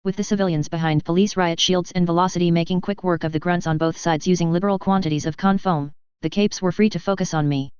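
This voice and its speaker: A woman reading a first-person fan fiction story aloud in a steady narrating voice. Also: on the low side, fast talker, few pauses, clear, resonant tone, no echo. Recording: dull lo-fi dry recording.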